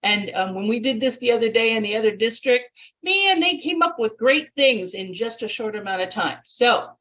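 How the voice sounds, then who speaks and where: A woman's voice: on the high side, moderate pace, dull audio. Vivacious woman teaching a speech workshop. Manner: vivacious, animated, acts out voices and laughs. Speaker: speech contest workshop presenter. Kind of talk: online workshop talk.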